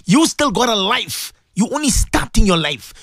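A man's voice: sits high, normal speed, dry recording, clean studio sound. A middle-aged man, a Muslim cleric hosting a radio talk show, telling a story to his listeners in an emphatic, preaching way. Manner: animated, emphatic preaching, addresses listeners directly.

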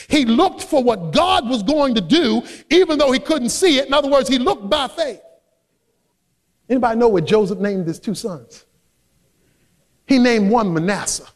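A man preaching a sermon as a pastor, emphatic and building up to shouts. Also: extremely high pitch. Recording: long hall reverb.

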